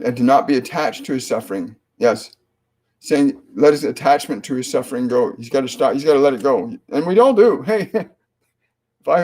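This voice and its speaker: A man with a mid-range voice hosts a live psychic reading as a medium, calmly passing along messages from spirits. His delivery is halting, full of restarts and fillers.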